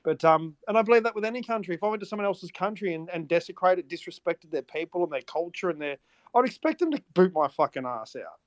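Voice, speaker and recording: A man's voice: high voice, animated, quick pace, dry recording. An Australian man co-hosting casual podcast banter, swearing constantly as he rants. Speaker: co-host.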